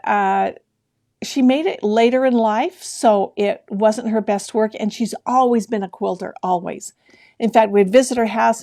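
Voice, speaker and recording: A middle-aged woman hosting a sewing livestream in a relaxed, chatty way. She greets viewers by name and laughs often. Her voice is mellow and carries a gravelly fry. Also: mid-range voice. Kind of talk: casual live-stream chat with viewers.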